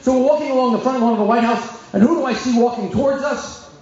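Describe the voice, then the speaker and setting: A man, a rabbi, telling a comic, self-mocking story to an audience with sharp timing. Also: extremely high pitch, fast. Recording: echoey hall, dull sound.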